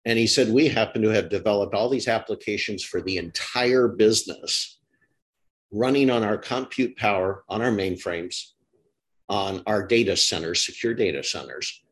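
A man's voice: lowish voice, normal speed, fairly bright tone. A middle-aged man hosting an interview, talking in long rambling stretches with restarts and self-corrections. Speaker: podcast host. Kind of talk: casual interview chat.

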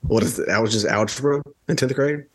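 Husky-voiced man in joking banter. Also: mid-range voice, fast. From Mississippi. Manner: joking, teasing, profane. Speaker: podcast co-host. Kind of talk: casual banter.

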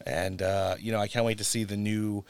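A man's voice: on the low side, flat delivery, clear, resonant tone, no echo. Man hosting a podcast. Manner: brisk sign-off with ad reads. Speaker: podcast host. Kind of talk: casual political podcast chat.

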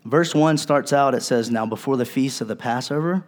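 A man's voice: mid-range voice, normal speed. A male pastor preaching a sermon in a conversational, earnest way, with casual asides to his congregation.

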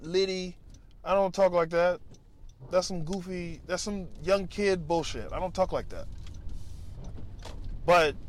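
A man's voice: a little high, a little hiss or hum. A man, a stand-up comedian, rambling profanely on tangents in a casual vlog, recorded on a lavalier mic into a phone. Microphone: lavalier mic plugged into a phone.

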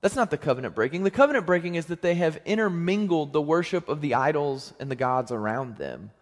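Young man, pastor, casual joking sermon, pitch and volume swing up and down, long hall echo. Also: lively intonation, brisk.

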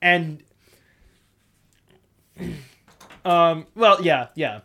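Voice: mid-range voice, expressive, drawn-out words, a bit bright. A podcast host chatting casually, rambling with lots of "like" and frequent laughter.

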